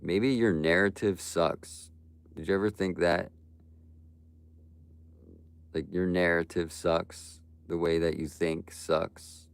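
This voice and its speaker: A young man with a very low, gravelly voice that still sounds smooth and resonant, talking live to his chat. He rants bluntly and profanely. His speech is loose and casual. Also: steady tone, slow pace, pauses often. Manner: ranting, blunt and profane, frequent "bro" and "like". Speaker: livestreamer. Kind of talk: live stream talk to chat.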